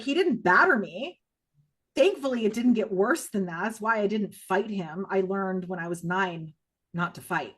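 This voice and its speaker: A middle-aged woman speaks as a podcast guest, telling a personal account with raw emotion. Her voice falls low and hushed, then climbs high and loud. She is blunt and swears freely. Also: husky. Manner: blunt, with strong profanity.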